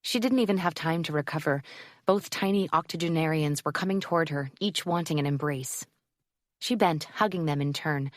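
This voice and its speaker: Lady reading a romance audiobook, low voice, super dry close mic. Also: moderate pace, no room sound. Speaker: audiobook narrator. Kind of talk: scripted narration.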